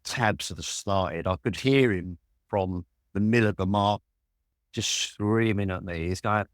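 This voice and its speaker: A London man in his sixties telling lively stories as a guest in an interview, swearing freely. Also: fairly low pitch, a little slow, no room sound, clean studio sound. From Walthamstow, London.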